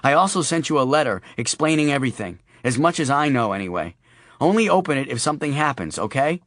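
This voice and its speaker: A man's voice: mid-range voice, animated, quick pace, a bit bright, no room sound, pitched above the performer's own voice, close to an everyday voice. A male narrator voicing a worried young father with wry, earnest humor, recorded dry and close.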